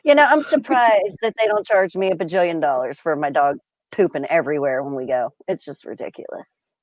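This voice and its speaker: A woman telling casual, exasperated stories on a live show, often trailing off quietly. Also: low-pitched, fairly quick, no room sound, low-quality recording. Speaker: co-host. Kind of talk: casual comedic storytelling.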